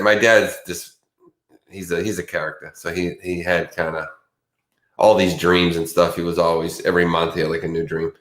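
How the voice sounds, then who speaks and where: A man co-hosting a podcast, chatting casually and rambling through halting, self-reflective stories. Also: deep voice, little pitch movement. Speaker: podcast co-host. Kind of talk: casual chat. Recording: roomy echoey room.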